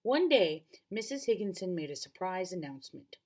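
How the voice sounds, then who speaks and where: A woman teacher reading a novel aloud to students, expressive and often correcting herself mid-sentence. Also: on the low side, brisk, few pauses.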